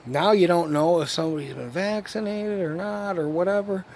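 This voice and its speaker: Man, gravelly voice, slightly high pitch, rambling, profane, lots of fillers. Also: normal speed, a little mellow, a little hiss or hum. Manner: rambling and profane, fillers and repeated 'you know what I mean'. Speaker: vlogger. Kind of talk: rambling monologue to camera.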